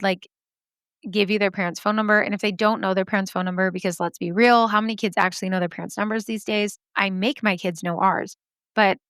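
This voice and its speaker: A woman hosting a podcast, reading out listener stories and chatting about them in a lively way with frequent laughs. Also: medium pitch, no echo, clean studio sound. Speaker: podcast host.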